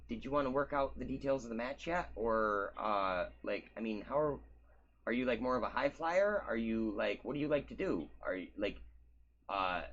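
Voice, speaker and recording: A man's voice: medium pitch, a bit bright, voice pushed up. A man voicing an eager, chatty female wrestler who rambles with fillers. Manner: rambling, filler-heavy, upbeat. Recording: muffled lo-fi audio.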